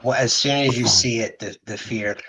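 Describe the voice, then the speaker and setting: A man narrating as game master, describing scenes in a relaxed, matter-of-fact way. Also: mid-range voice, normal speed, slight background noise, poor audio.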